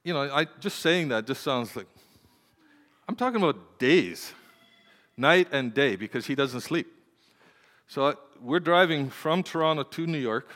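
An older man, a preacher and grandparent, telling a personal story in a sermon, moving from quiet storytelling to urgent, impassioned pleading. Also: on the high side, expressive, a little slow, long pauses. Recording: hall with long reverb.

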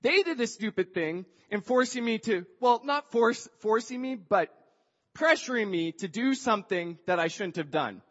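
A man telling a personal story with a moral in a chatty, animated way, acting out what people said and often filling pauses with "like". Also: high-pitched, big-room sound, highs cut off. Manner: chatty, acts out quoted dialogue, frequent "like" fillers.

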